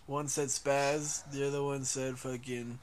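A man's voice: mid-range voice, little pitch movement, unhurried, slight background noise. A young man co-hosting a podcast in casual, profane chat, laughing a lot and often restarting his sentences. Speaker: podcast co-host.

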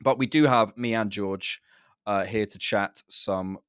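A man hosting a casual football podcast, chatting with quick laughs and restarts. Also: lowish voice, fairly bright tone, clean tone. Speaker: podcast host.

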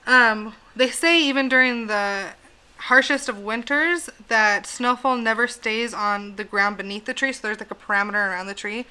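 Chatty woman telling a spooky legend, high bright voice, swears a lot. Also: normal speed, clean tone. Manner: chatty, swears freely, laughs often. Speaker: podcast host telling a legend. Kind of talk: casual chat.

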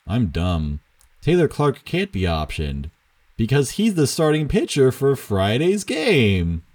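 A man's voice: mid-range voice, wildly swooping pitch, slow pace, darkish tone. A young man talking through baseball news in a casual, rambling way, self-mocking, with many fillers and chuckles. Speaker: baseball commentator. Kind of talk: casual solo commentary.

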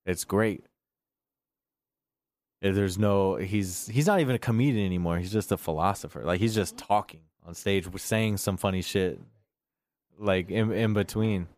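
A man's voice: low-pitched, moderate pace, darkish tone, no room sound. A man co-hosting a podcast, chatting casually about movies in a loose, rambling way, with plenty of fillers and swearing. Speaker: podcast co-host.

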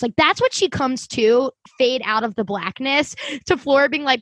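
A young woman co-hosts a podcast, gushing and excitable, with swearing dropped in freely. Her voice sits a little high. The sound is dry and close. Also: moderate pace, hardly any pauses, no echo. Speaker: podcast co-host. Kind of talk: casual podcast chat.

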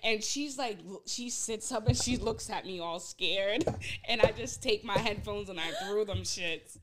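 A young woman telling a story in casual chat, animated and profane, acting out her own reactions. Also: mid-range voice, unhurried, a loud crowd. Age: young adult. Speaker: podcast host.

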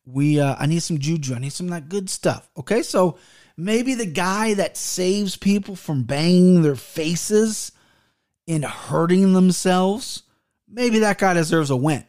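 A man's voice: high-pitched, a little mellow. A man in his thirties hosting a podcast, telling stories in a loose, rambling and profane way, with frequent restarts. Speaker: podcast host. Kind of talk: casual rambling podcast storytelling.

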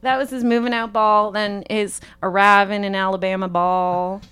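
A woman playing a bubbly woman at her coming-out ball in an improvised comedy scene, dramatic and quick to gush and exclaim. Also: mid-range voice, fairly even intonation, fairly bright tone, smooth, soft background music, natural voice. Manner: gushing, dramatic, exclaims "oh my God". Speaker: improv guest. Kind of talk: improvised comedy role-play.

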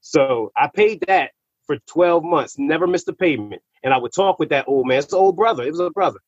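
Animated, slangy man with a husky voice. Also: a little high, fairly quick, no room sound. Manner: animated, slangy and profane, repeats words when worked up. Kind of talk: casual storytelling. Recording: slightly muffled recording.

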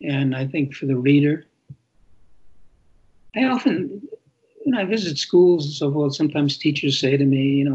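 An older man, an author being interviewed, who tells stories in an animated way and acts out quoted lines. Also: fairly high pitch, normal speed, pauses often, breathy edge, muffled recording. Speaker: author guest. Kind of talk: interview conversation.

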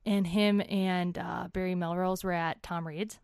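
Lively young woman telling a story. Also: fairly low pitch, unhurried, clear, resonant tone, no room sound, studio quality. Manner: animated, chatty storyteller acting out quotes. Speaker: guest. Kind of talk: casual interview storytelling.

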